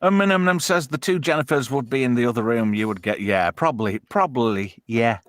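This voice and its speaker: An English man hosting a loose late-night chat, swearing and laughing as he reads comments aloud. His pitch swings up and down a lot. The sound is dry and close, with no room around it. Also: animated, fairly quick, no room sound. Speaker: podcast host. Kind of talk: casual chat.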